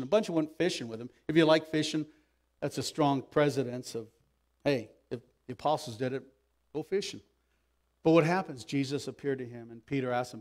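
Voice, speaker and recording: A man preaching a sermon as pastor, swinging from loud emphatic bursts to soft asides. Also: normal speed. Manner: acts out quoted speech with raised pitch. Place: church sanctuary.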